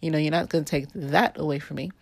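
A woman's voice: deep voice, steady tone, quick pace, creaky, no echo. A woman hosting her own podcast, rambling in a candid, sarcastic way and under the weather. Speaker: podcast host. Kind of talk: casual solo podcast monologue. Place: her home in uptown Manhattan.

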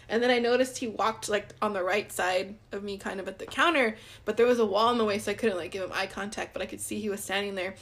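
A woman's voice: mid-range voice, quick pace. A young woman co-hosting a podcast, telling a dating story in a casual, chatty way, full of "like" and acted-out quotes. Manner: chatty, many "like"s, acts out quoted dialogue. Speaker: podcast co-host.

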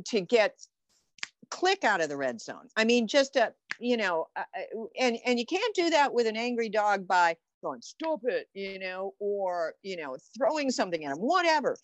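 A woman's voice: on the high side, no echo. An enthusiastic woman talking casually about flower essences for animals, often trailing off and restarting her thoughts. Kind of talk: casual explanatory talk.

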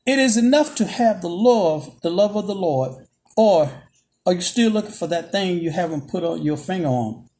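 Gravelly-voiced preacher. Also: mid-range voice, animated, moderate pace, warm tone. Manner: emphatic call-and-response phrasing, repeats "Okay?". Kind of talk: sermon.

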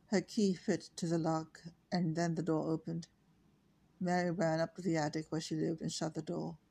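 An author reads their own book aloud in a steady, flat voice. The tone is gravelly, husky and dark, and the asides between parts are hesitant and full of fillers. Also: medium pitch. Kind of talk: audiobook reading.

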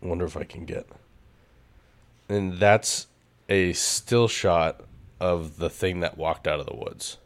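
Deep-voiced dude on a podcast, swearing and joking around, super casual. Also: male voice, fairly even intonation, slow, long pauses. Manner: crude, joking, swears a lot. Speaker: podcast co-host. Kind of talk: casual chat.

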